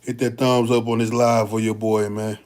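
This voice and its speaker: A man's voice: on the low side, little pitch movement, moderate pace, a little mellow. A young man, a bodybuilder hosting a livestream and answering viewer questions in a laid-back, slangy way. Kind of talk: casual livestream Q&A.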